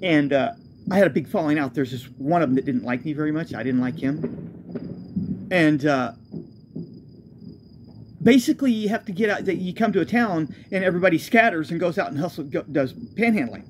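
A man's voice: on the high side, animated, moderate pace, a little hiss or hum. A man, a homeless traveler, telling his own road story in a loose, profane, self-correcting way. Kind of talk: rambling spoken storytelling.

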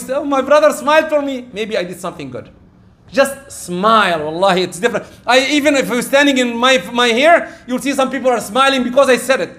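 Animated high-voiced male preacher. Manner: animated, repetitive, emphatic, often breaking into Arabic phrases. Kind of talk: sermon.

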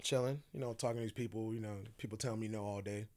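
Man telling a lively story. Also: lowish voice, racing. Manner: animated, acts out quoted dialogue, laughs often. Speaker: podcast guest. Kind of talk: casual storytelling.

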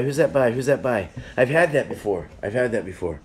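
A man's voice: mid-range voice, lively intonation, brisk. A man chatting casually on a live stream, reviewing beers in a rambling, easily sidetracked way.

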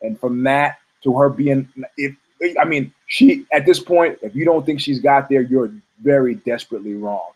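A man's voice: medium pitch, normal speed, few pauses, a little mellow, low-quality recording. A man hosting a talk show, rambling through a profane story full of restarts and asides. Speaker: host.

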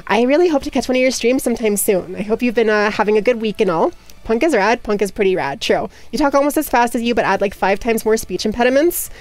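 A young woman livestreamer chatting casually with her viewers, talking rapidly and nonstop with hyperactive energy. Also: on the high side. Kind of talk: casual chat with stream viewers.

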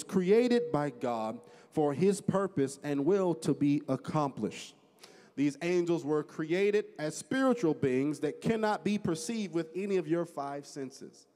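Pastor preaching in a reverberant church. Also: male voice, on the high side, expressive. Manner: fervent prayer building to loud shouts; slow, drawn-out scripture reading. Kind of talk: sermon. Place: church sanctuary. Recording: long church hall reverb.

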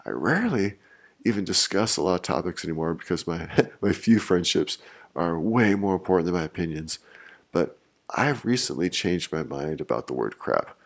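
A man's voice: low voice, expressive, moderate pace. A middle-aged man and channel host talking in a casual, wry monologue with frequent restarts.

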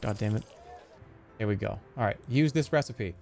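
A man streaming a game live, giving excitable, profane, self-mocking commentary as he plays. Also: fairly low pitch, normal speed, vocal fry, soft background music.

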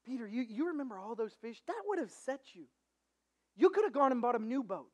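A pastor voicing Jesus as a gentle man who softly recalls old times with a friend during a dramatized sermon story. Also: medium pitch, very animated, brisk. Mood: earnest.

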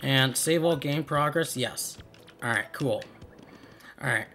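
A man's voice: medium pitch, takes it slowly, sharp tone. A man giving casual, rambling let's-play commentary as host, chuckling and trailing off mid-thought. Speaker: gameplay video host. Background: game music.

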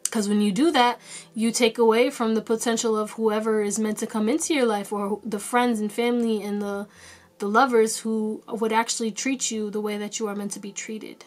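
Her voice is fairly high with little pitch movement, and she keeps a moderate pace. This tarot reader addresses viewers in a casual pick-a-card session, encouraging them, repeating brief commands, cursing lightly, and chuckling at herself.

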